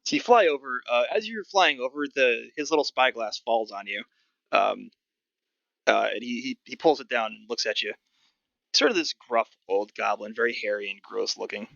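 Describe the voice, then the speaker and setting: Gravelly-voiced man narrating as game master. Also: mid-range voice, normal speed, fairly bright tone, dry recording, highs cut off. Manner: hesitant, filler-heavy narration.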